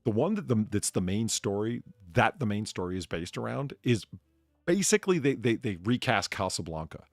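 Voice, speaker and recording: A man's voice: lowish voice, sing-song, normal speed, no echo, studio quality. A man hosting a casual chat, telling stories animatedly and laughing often. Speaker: streamer bartender host.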